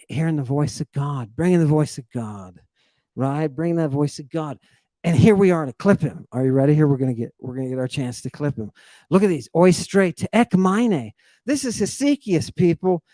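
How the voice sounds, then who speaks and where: A man's voice: a little high, dark tone, no room sound. A man who teaches classics, hosting a lecture on Greek word roots in an emphatic, sardonic way, full of rhetorical questions. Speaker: classics teacher and podcast host.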